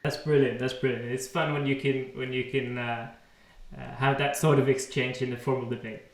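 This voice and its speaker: A man's voice: medium pitch, level tone, moderate pace. A man interviewing and reading out viewer questions, hesitant and full of fillers. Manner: hesitant, many fillers and restarts. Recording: roomy echo.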